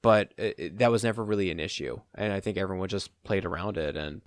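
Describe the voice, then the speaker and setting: A man's voice: sits low, quick pace, no echo. A man co-hosting a gaming podcast and chatting casually as an event organizer, rambling with many fillers and restarts. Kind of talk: casual roundtable chat.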